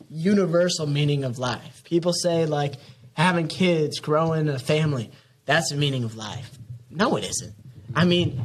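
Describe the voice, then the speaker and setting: A man's voice: on the high side, slight background noise. A young man in his late teens, a student guest on a podcast, musing in a rambling, mock-preachy way. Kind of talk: casual podcast chat.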